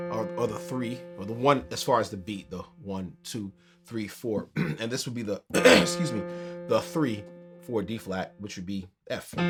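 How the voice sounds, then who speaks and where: Low-voiced man teaching keyboard over piano. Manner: relaxed, conversational explaining, counting beats aloud. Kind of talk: instructional keyboard tutorial. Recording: piano music under the voice.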